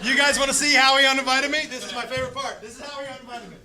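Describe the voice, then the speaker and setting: Brief: male stand-up comic, very high voice, rowdy profane storyteller, laughing crowd behind. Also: fairly even intonation, rapid-fire. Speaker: stand-up comedian. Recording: live stand-up clip with audience laughter and noise. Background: audience laughing.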